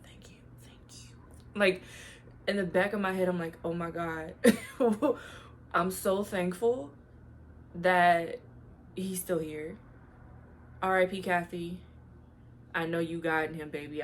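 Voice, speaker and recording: Young woman vlogger, low voice, slangy and emotional storytime chat, little bit of hiss. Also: steady tone, measured pace. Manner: emotional, slangy, talks straight to viewers. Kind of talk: casual storytime.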